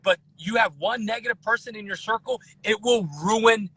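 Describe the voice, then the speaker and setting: A man in his thirties guesting on a podcast, talking in an animated way with lots of restarts and repeated words. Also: high voice, normal speed, husky, poor audio. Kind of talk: casual podcast chat.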